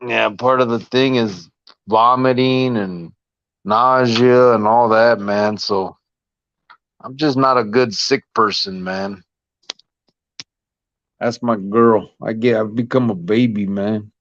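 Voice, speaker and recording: A man's voice: fairly low pitch, fairly even intonation, slow, pauses often, a bit bright, no echo. A man hosting a casual podcast, laid-back, reading viewer comments aloud and laughing often. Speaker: podcast host. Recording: dry, slightly dull lo-fi sound.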